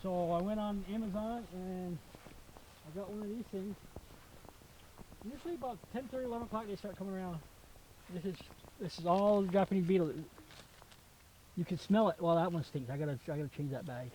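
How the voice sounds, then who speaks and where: An older man giving a casual outdoor tour of his rural property, telling stories in a folksy, halting way with many fillers. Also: high-pitched, mellow, slight background noise, low-quality recording. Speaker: vegetable stand owner. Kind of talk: casual chat on a walking tour.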